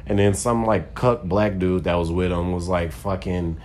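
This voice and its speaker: A man's voice: low-pitched, fairly even intonation, moderate pace, a little mellow, slight background noise. A man, a stand-up comedian, telling a loose, rambling story in casual talk full of profanity and "like".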